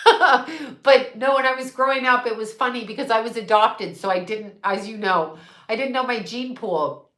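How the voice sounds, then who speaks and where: Blunt, bright-voiced woman who laughs a lot. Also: a little high, moderate pace, reverberant. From United States. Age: middle-aged. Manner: blunt, laughs often, swears freely. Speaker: psychic medium. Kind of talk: casual livestream chat.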